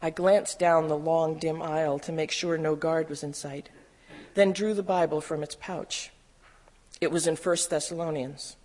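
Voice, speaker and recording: Memoir reader in an echoing hall. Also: mid-range voice. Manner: steady, measured storytelling. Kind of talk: reading a first-person memoir aloud. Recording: long hall reverb.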